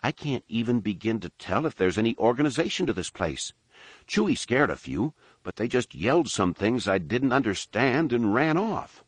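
A man's voice: medium pitch, sing-song, moderate pace, husky, dry recording, voice pushed up. A man voicing an earnest, impatient teenage boy who insists and complains. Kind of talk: audiobook character reading.

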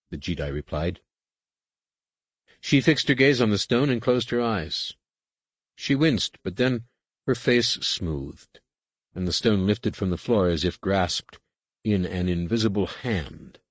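A man narrates a science fiction story in an even, measured way. His voice sits very low with a husky edge. The recording is dry and close. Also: no echo. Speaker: audiobook narrator. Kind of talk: scripted narration.

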